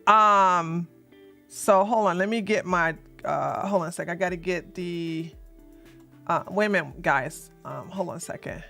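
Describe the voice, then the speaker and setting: With faint music in the background, a livestream host talks to her chat bluntly and sassily, cursing mildly as she rambles and fumbles with her setup. Her voice is fairly low, gravelly, pushed and bright, and a little slow. The stream is casual.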